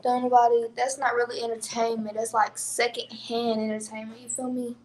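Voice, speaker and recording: A woman's voice: fairly high pitch, level tone, fairly quick, a little hiss or hum, poor audio. A woman chatting casually on a livestream, laid-back with loose slangy talk.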